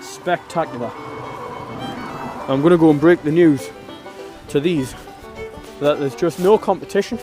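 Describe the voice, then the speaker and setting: A man's voice: on the high side, unhurried, pauses often, music in the background. A man bantering and boasting on a casual camping vlog outdoors. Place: outdoors at a windy campsite.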